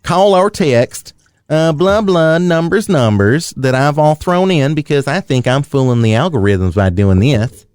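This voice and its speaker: A man's voice: on the high side, lively intonation, unhurried, a little mellow, clean tone, no echo, studio quality. A man putting on a folksy Tennessee car seller. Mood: mocking.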